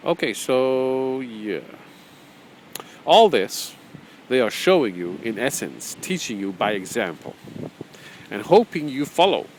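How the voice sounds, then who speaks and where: A man's voice: medium pitch, very animated, takes it slowly, pauses often, a little hiss or hum, poor audio. A man as a spiritual teacher, talking casually and rambling through his own book, repeating phrases and chuckling often.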